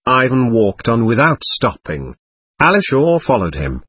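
A man narrating a novel as an audiobook reader, in an expressive, measured way. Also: mid-range voice, slightly rough, dry recording. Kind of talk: scripted narration.

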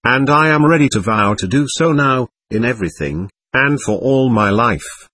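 A playful young woman teases and pleads with fervent eagerness, as a male reader puts her on. The voice rises and falls in lively sweeps. It is slightly husky and sits in a dry, close sound. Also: mid-range voice, normal speed, dry recording.

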